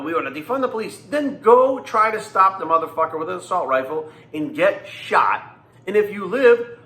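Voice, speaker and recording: Man in his forties, profane angry rant, high-pitched voice, echoey room. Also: sharp tone. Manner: blunt, angry and profane, repeating himself for emphasis. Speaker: fitness coach and vlogger. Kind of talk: profane ranting monologue.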